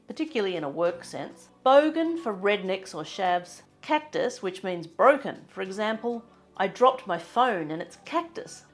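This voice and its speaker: A woman with a general Australian accent, reading a scripted travel-advice narration in a chatty, lightly humorous, explanatory way. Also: mid-range voice. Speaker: travel vlogger.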